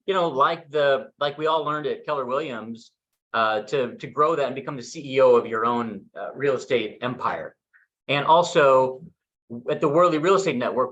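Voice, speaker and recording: A man's voice: medium pitch, a bit bright, lo-fi sound. A man leading a real estate team meeting in an upbeat, enthusiastic way, over a video call. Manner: upbeat, enthusiastic emcee manner. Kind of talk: casual meeting talk.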